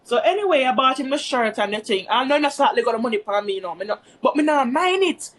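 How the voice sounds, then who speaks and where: Brief: high-pitched woman vlogger, casual rambling storytime, chatty with her viewers. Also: expressive, quick pace.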